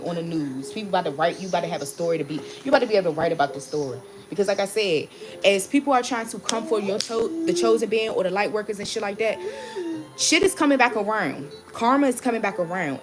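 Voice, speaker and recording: Heated, swearing woman ranting to viewers. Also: medium pitch. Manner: heated, blunt, swears a lot, repeats herself. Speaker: tarot reader and channel host. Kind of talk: casual ranting vlog.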